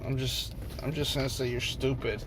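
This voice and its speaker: A man's voice: medium pitch, fairly even intonation, normal speed, noisy background. Frustrated man ranting, swearing freely. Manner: frustrated, profane, repetitive ranting. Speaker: vending machine operator. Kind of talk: ranting vlog.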